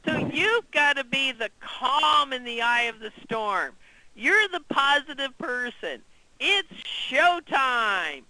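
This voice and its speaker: A man leading an interactive training session, energetic and quizzing the group. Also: very high voice, measured pace, dry recording, rough recording.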